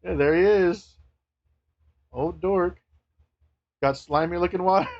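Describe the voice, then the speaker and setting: A man streaming live, chatting casually to viewers, laughing often, swearing and getting excitable. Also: high-pitched, measured pace, pauses often, muffled recording.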